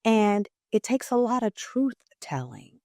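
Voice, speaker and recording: A woman voice coach talking in a podcast interview, expressive and emphatic, shifting her loudness and pitch to make a point. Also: a little slow, dry recording, clean studio sound. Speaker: voice coach guest.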